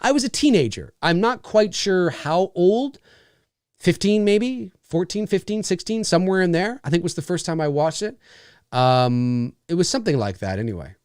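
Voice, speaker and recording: A man's voice: sits high, lively intonation, moderate pace, a little mellow, clean tone, dry recording, clean studio sound. A man hosting a casual live stream, rambling through viewer comments with lots of fillers and frequent laughs. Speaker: live show host.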